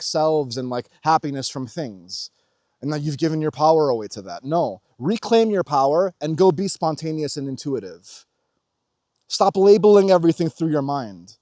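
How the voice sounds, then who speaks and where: A man with a slightly higher voice talks straight to his viewers in a casual, fired-up monologue, swearing freely. He swings from loud urging down to quiet murmurs. The sound is dry and close. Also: dry recording. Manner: intense, swearing, swings between loud exhortation and low murmurs. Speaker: spiritual vlogger.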